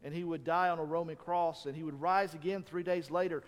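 A man preaching a sermon as a pastor, telling Bible stories with emphatic rises and hushed drops. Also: fairly high pitch, fairly even intonation, fairly quick, in a large hall.

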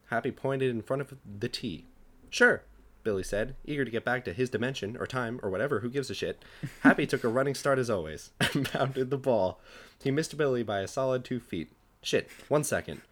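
Laughing at his own jokes, a young podcast co-host performs the dialogue as he reads his comedic fan fiction out loud. His voice sits at a medium pitch.

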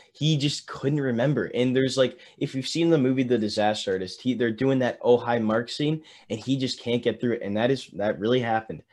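A young man talking casually with a friend, his mid-pitched voice running on in loose, restarting sentences. He laughs often and keeps circling back as he talks. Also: darkish tone. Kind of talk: casual chat.

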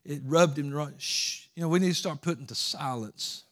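A man preaches a sermon in a fairly high voice. He climbs to loud, emphatic peaks, then drops to murmured asides, repeating words as he drives his points home. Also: fairly quick. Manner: swings from shouting peaks to low asides, with repetitions.

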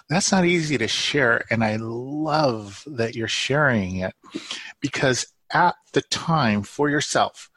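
A man speaking as a healing therapist guest in an interview, gentle and reassuring, often repeating key phrases. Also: lowish voice, no echo. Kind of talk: interview conversation.

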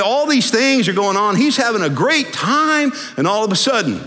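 Emphatic preacher in a reverberant hall. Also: male voice, sits high, big pitch swings, moderate pace, hardly any pauses. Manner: emphatic preaching, swinging from loud to hushed. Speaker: pastor. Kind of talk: sermon.

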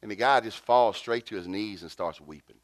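A man, preaching a sermon and telling a story with lively jumps in pitch. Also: moderate pace, dry recording. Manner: animated, jumps to high pitch for quotes. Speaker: pastor.

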